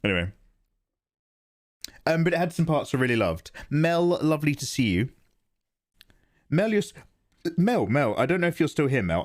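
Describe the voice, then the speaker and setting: A man streaming live art who chats casually with viewers in a rambling, animated way and often laughs. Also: mid-range voice. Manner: animated, rambling, laughs into his own impressions. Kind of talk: casual livestream chat.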